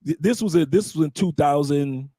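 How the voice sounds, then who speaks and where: A man's voice: fairly high pitch, moderate pace, mellow, slightly rough, no room sound, studio quality. A man with an American accent hosting a live stream, telling a loose, bawdy, joking story to his audience and acting out quotes along the way. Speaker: host.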